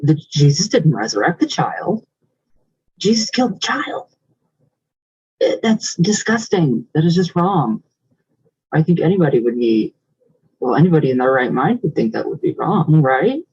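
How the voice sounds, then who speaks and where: Husky, gushing man on a muffled recording. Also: fairly high pitch, sing-song, moderate pace, pauses often, darkish tone. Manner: effusive, gushing and rambling. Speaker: vlogger. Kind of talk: casual vlog chat reading comments.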